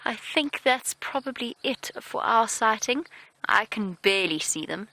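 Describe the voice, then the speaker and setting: A woman hosting a live safari drive outdoors at dusk, giving calm sighting updates. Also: a little high, a little slow, no echo, poor audio. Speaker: safari guide and live show host. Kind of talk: live safari broadcast commentary.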